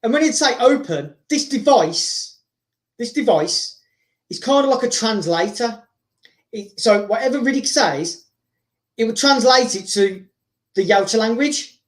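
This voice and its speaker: A man hosting, rambling excitedly through a story told casually, with frequent repeats and restarts. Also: very high voice, measured pace, long pauses. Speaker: host. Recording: roomy echo.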